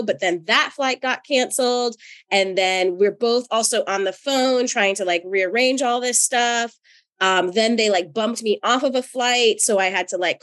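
A woman from North Carolina co-hosting a podcast as a therapist, telling personal stories in an animated, chatty way with frequent laughter. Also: medium pitch. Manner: animated, laughs often, chatty with many fillers. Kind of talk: casual chat and personal storytelling.

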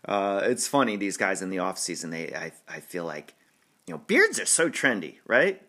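Podcast host, New man, low-ish bright voice, rambling and chatty. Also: very animated. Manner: rambling, chatty, laughs often, quick restarts. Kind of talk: casual sports podcast chat.

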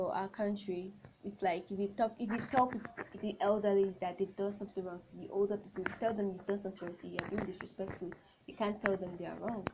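A young adult woman hosts a solo podcast, her medium-pitched voice set against background noise. She talks in a chatty, rambling way and often corrects herself.

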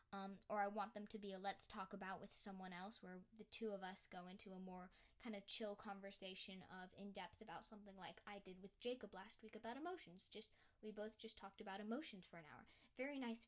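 Rambling young woman podcaster. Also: mid-range voice. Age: young adult. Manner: rambling, self-reflective, frequent restarts and "you know". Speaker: podcast host. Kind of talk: solo podcast rant.

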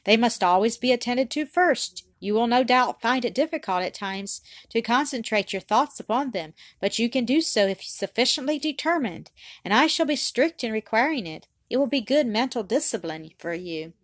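A woman reading the part of a strict but tender Victorian father, speaking in a measured, formal, gently firm way. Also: a little high, lively intonation, no echo.

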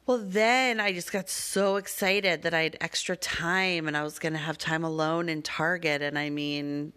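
Low-voiced woman telling a rambling story. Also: fairly even intonation, moderate pace, hardly any pauses, bright, forceful tone, smooth. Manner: wordy, rambling, with many fillers. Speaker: mother telling a family story. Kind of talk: casual chatty storytelling.

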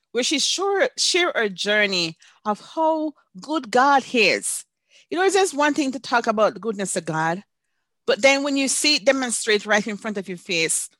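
A woman's voice: medium pitch, a bit bright, dry recording. A woman hosting a faith podcast, introducing her guest in an affirming way. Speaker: podcast host.

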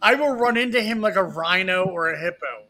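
High-voiced joking man on a podcast. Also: expressive, a little fast, sharp tone. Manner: joking, boastful and over the top. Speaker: co-host. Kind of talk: casual podcast chat.

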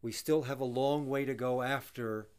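A man's voice: mid-range voice, fairly even intonation, moderate pace, smooth. A man leading a conversational Bible study, earnest and emphatic. He lingers on key phrases and repeats them for weight. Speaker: Bible teacher.

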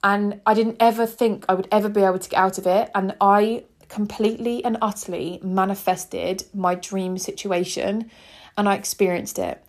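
A woman in her twenties, hosting a podcast and telling a personal story in an earnest, heartfelt, chatty way. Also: mid-range voice. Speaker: podcast host.

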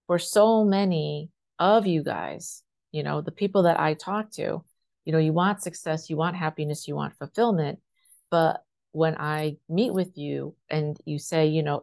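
A woman's voice: deep voice, darkish tone. A woman life coach giving a motivational talk to camera, speaking directly, asking rhetorical questions and often checking in with "right?".

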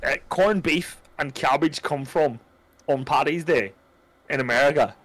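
A man's voice: fairly high pitch, unhurried, a bit bright. An Irish man co-hosting a podcast in casual chat, laughing often and swearing freely. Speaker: podcast co-host.

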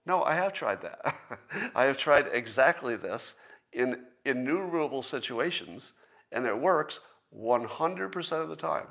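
A man's voice: mid-range voice, expressive, unhurried, vocal fry, fairly bright tone. A man hosting a podcast, giving a casual solo monologue in a plain-spoken, self-assured way and often asking rhetorical questions. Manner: conversational, persuasive, fond of rhetorical questions. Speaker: podcast host.

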